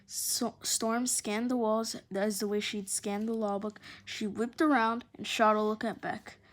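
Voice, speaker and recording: A woman reading a children's adventure novel aloud in an expressive, animated way. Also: on the high side, unhurried. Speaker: storyteller.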